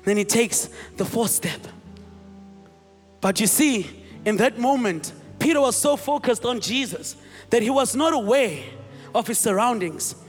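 A male pastor with a very high voice preaches a sermon, retelling a scene through lively, animated storytelling. He slips into acted-out voices and calls out to the congregation, his words ringing through a reverberant hall over faint music. His pace is a little slow, with frequent pauses.

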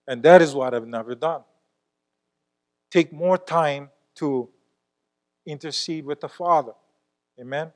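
High-voiced man preaching a sermon. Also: unhurried, pauses often, darkish tone. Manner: earnest, repeatedly asks the congregation "Amen?"; builds to fervent, emphatic prayer. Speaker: church elder preaching.

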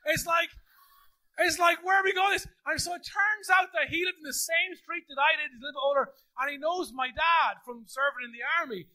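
An Irish man preaching as a pastor in a church, telling stories in an animated, jokey way and acting out the dialogue. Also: extremely high pitch, a little fast. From Ireland. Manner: animated, jokey storyteller who acts out dialogue. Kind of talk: sermon storytelling. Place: church auditorium.

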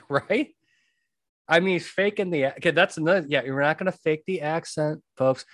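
A man's voice: fairly high pitch, a little fast, fairly bright tone, no room sound, studio quality. A man hosting a podcast, talking emphatically and repeating his key points as he gives advice. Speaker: podcast host and jury consultant. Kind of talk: conversational monologue giving advice.

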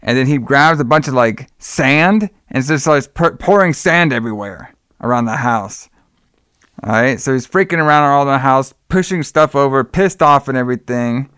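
A man's voice: medium pitch, expressive, normal speed, fairly bright tone, smooth, dry recording, studio quality. A man in casual chat, retelling the plot of a film in a rambling way and acting out lines, often saying "all right.". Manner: rambling retelling, acts out quotes, says "all right" a lot.

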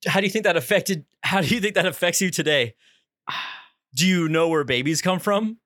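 A young man co-hosting a casual podcast, telling a story with lively acted-out voices. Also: sits high, brisk, no room sound, clean studio sound. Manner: animated, acts out voices in his stories. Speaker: podcast co-host.

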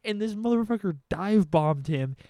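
A young man telling a comedic story on a podcast, animated and profane, acting out sounds and quotes. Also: sits high, normal speed, no room sound, clean studio sound.

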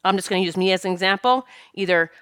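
A woman's voice: medium pitch, fast talker, a bit bright, clean tone, no echo, clean studio sound. Earnest woman telling a spiritual story. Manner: emotional, earnest, with many restarts. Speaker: spiritual teacher and medium. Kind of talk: personal storytelling monologue.

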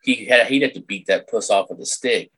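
A man's voice: lowish voice, a little fast, fairly bright tone, husky. A middle-aged man chatting as a podcast guest over a video call, blunt and crude with plenty of jokes. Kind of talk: casual podcast chat.

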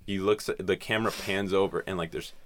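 A man's voice: sits low, fairly even intonation, brisk, a little hiss or hum. A man in casual chat, recapping a film's plot in a rambling way with lots of swearing and filler words. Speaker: podcast host recapping a film.

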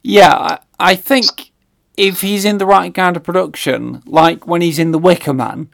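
A man co-hosting a casual film discussion, explaining plots in a measured way with many fillers. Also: sits high, fairly even intonation, vocal fry. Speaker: film podcast co-host.

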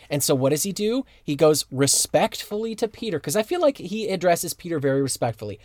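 Podcast dude making his case, kinda higher voice, dry mic. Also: very animated, brisk, few pauses, darkish tone, dry recording. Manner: earnest, argues his point at length. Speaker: podcast co-host. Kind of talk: casual podcast chat.

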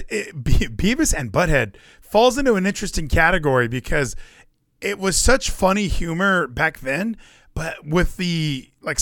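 A man's voice: on the high side, a bit bright, dry recording, studio quality. A young adult man hosting a podcast, chatting casually with rambling jokes and ranting bursts. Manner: rambling, joking asides and running gags. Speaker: podcast host. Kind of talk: casual chat.

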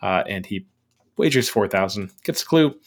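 A man's voice: fairly low pitch, animated, moderate pace. A man co-hosting a podcast, recapping a quiz show episode in casual, curious conversation. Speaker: podcast co-host.

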